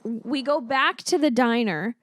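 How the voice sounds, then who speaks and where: A woman's voice: on the high side, a little slow, dry recording, studio quality. A woman co-hosting a casual movie-riffing chat, amused as she retells scenes. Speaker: podcast co-host.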